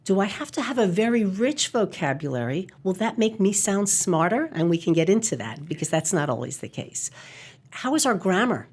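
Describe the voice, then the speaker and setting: A woman's voice: medium pitch, big pitch swings, normal speed, a little mellow, slightly rough. A middle-aged woman, a communication coach, speaking as a guest in a podcast interview, articulate and emphatic.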